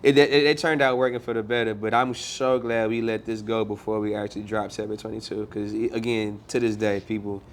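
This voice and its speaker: A man's voice: on the low side, little pitch movement, a little fast, hardly any pauses, slight background noise. A man, a musician guest, telling stories in a loose, slangy way with lots of fillers. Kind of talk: casual interview chat.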